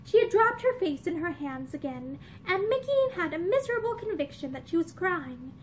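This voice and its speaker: A young woman reading an old novel aloud in an expressive storybook manner. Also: very high voice, moderate pace, slight background noise. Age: young adult. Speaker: reader.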